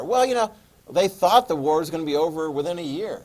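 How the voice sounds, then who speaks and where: Male teacher, a bit high-pitched, casual classroom lecture, keeps asking students questions. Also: brisk, a little mellow. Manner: chatty, asks the class questions. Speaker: history teacher.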